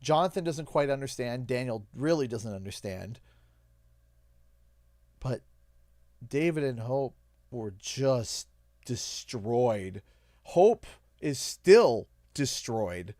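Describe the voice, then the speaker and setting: Young canadian guy on stream, choked up and halting, dry close mic. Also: mid-range voice, expressive, a little mellow, no echo. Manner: halting, emotional, pausing often. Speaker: livestream host. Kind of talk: emotional storytelling on a game stream.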